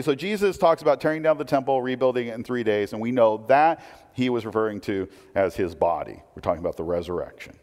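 A man preaching a sermon with a fairly high voice, talking conversationally and tossing in rhetorical questions. He swings from loud emphasis to quiet asides, and his words ring out with a long reverb as if in a large hall. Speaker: pastor.

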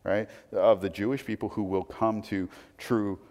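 A man preaching a sermon in a casual, conversational way, often checking in with listeners with quick asides. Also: lowish voice, level tone, a little mellow. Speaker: pastor. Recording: long hall reverb.

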